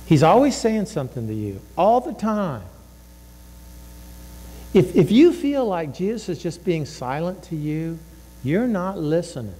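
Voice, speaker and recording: A man's voice: fairly high pitch, dark tone, in a large hall. A man preaching a sermon as a pastor, emphatic and repeating his phrases, sometimes voicing inner thoughts.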